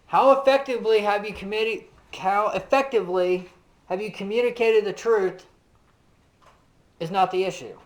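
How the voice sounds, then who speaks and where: A man's voice: high voice, normal speed, rough recording. A man teaching a casual Bible lesson, talking conversationally with lots of "you know" and putting questions straight to his listeners. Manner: asks the listeners direct questions.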